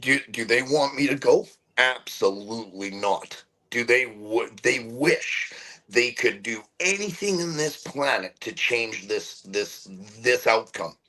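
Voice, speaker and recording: A middle-aged man talks candidly in an interview, his voice sitting at an ordinary middle pitch. He speaks earnestly and from the heart, stopping and restarting as he repeats words while searching for the next thought. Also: expressive, slow pace, bright, forceful tone, poor audio. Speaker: interview guest.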